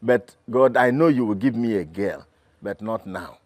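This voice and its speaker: A man's voice: on the low side, normal speed, no echo, close to an everyday voice. An actor with a Nigerian accent playing a father who soothes his pregnant daughter and then confronts the man responsible. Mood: indignant. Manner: pleading, tender then angry on phone. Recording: film soundtrack with loud music.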